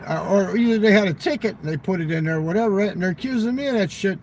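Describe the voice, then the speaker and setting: Profane high-voiced man telling casino stories. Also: racing, hardly any pauses, a little hiss or hum, poor audio. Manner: profane, animated, acts out quoted exchanges. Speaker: casino regular telling a story. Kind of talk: casual storytelling.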